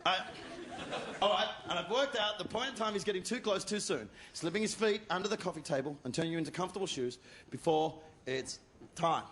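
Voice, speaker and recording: A man's voice: high-pitched, a little fast, a little hiss or hum. An Australian man doing a crude, mocking stand-up routine and teasing the crowd. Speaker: stand-up comedian. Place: comedy venue with live audience. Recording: echoey live venue, loud crowd laughter.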